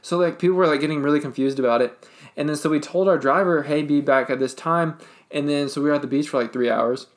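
Fast-talking man in rambling casual chat. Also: on the high side. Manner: rambling, many fillers and restarts.

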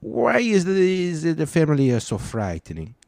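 An emphatic woman politician with a put-on Italian accent, as a man imitates her. The voice is pushed well above a normal speaking pitch, loud and insistent. It is recorded dry and close, with no room echo. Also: wildly swooping pitch, moderate pace, creaky, full character voice. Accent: mock Italian.

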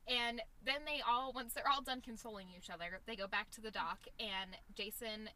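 A young woman co-hosting a casual TV recap podcast, animated, acting out characters' lines and swearing freely. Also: a little high, normal speed, low-quality recording. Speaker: podcast co-host.

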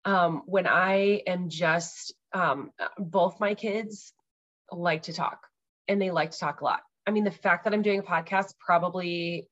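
A woman's voice: lowish voice, steady tone, a little slow, a bit bright, dull audio. A woman in her thirties hosting a podcast, chatting casually about parenting with lots of ums and likes. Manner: chatty, many ums and likes, laughs easily. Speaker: podcast host.

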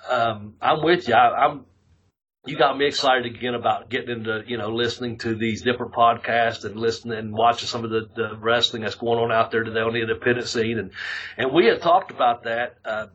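Brief: man, husky voice, bright tone, rambling profane co-host, lo-fi recording. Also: mid-range voice, steady tone, a little fast. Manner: profane, rambling, laughs often. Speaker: podcast co-host. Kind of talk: casual chat.

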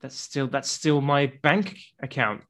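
A man's voice: medium pitch, a little slow, a bit bright. A man from England, a podcast guest bantering bluntly and cheekily. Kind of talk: casual chat.

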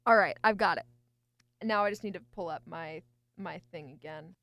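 A woman's voice: fairly low pitch, normal speed, fairly bright tone, no echo. A woman co-hosting a casual chat, effusive and laughing, stammering as she agonizes over choices. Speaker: podcast co-host.

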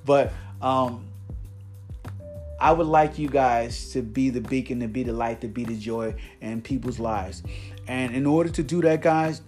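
A man's voice: mid-range voice, a little mellow. A man hosting a motivational podcast, talking in an earnest coaching tone and checking in with "right?" and "guys" as he goes.

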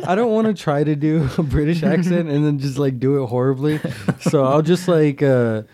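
A man's voice: a little high, moderate pace. An American man co-hosting a podcast, chatting casually and laughing often. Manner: giggly, animated. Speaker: podcast co-host.

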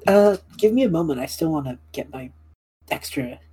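A woman voicing a polite, gently formal winged man who keeps a small pet dragon. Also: low voice, expressive, moderate pace, slightly rough, exaggerated voice. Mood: courteous.

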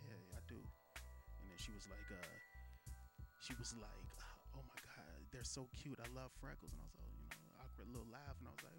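A man co-hosting a casual podcast, telling animated stories, slipping in "you know what I'm saying" again and again. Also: mid-range voice. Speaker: podcast co-host. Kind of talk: casual podcast banter and storytelling.

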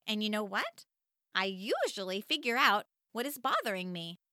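A woman voicing a soft, patient storybook mom. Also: mid-range voice, moderate pace, no echo, studio quality, voice pushed down. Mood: gentle. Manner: soft, calm and reassuring. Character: gentle patient mother, middle-aged woman.

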